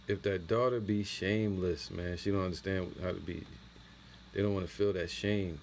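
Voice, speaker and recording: A man teaching an impromptu scripture lesson, reading verses slowly and then commenting in loose, slangy talk. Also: low-pitched, steady tone, slight background noise. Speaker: teacher of a religious camp.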